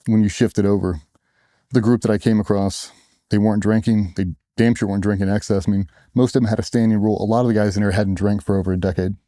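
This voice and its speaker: A man's voice: fairly low pitch, level tone, fast, dark tone, no echo, studio quality. A middle-aged man, a former special operations operator, telling war stories bluntly in a casual interview, sometimes swearing and acting out what others said. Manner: blunt, profane, acts out quotes of others.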